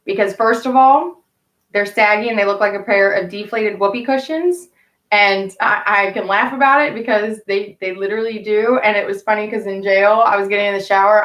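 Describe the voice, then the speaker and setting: A woman's voice: mid-range voice, moderate pace, a bit bright, echoey room. A woman telling candid stories to her live viewers in a rambling, casual way, swearing freely. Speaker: live streamer chatting with viewers. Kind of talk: casual storytelling to a live chat.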